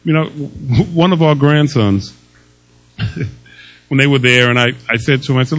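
A man's voice: mid-range voice, normal speed, long pauses, a bit bright, low-quality recording. An older man preaching a sermon as pastor, emphatic and humorous, telling stories and reading scripture.

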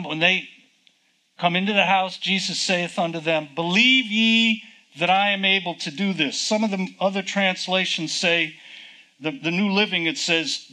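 A man's voice: sits high, bright, forceful tone, rough recording. A man preaching a sermon, teaching from the Bible in a conversational way, reading verses aloud and asking rhetorical questions.

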